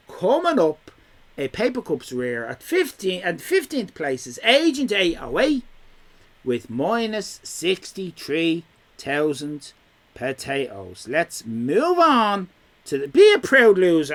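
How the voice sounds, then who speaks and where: A man's voice: fairly high pitch, wildly swooping pitch, a little slow, fairly bright tone. A young Irish man hosting a quiz on a live stream. He is chatty and teasing as he reads chat messages aloud.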